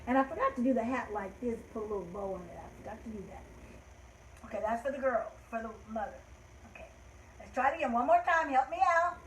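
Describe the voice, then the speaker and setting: Older woman host, gentle and heartfelt, fairly high voice, roomy echo. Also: quick pace, slight background noise. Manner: gentle, heartfelt, trailing off softly. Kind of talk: storytelling and rhymes for children.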